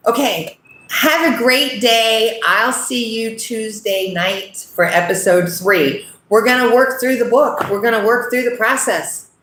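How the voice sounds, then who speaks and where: Brief: middle-aged woman host, earnest and unhurried, speaking in an echoey room. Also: on the high side, a bit bright, a little hiss or hum. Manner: earnest, repeats "okay?" often. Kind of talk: casual direct-to-camera talk.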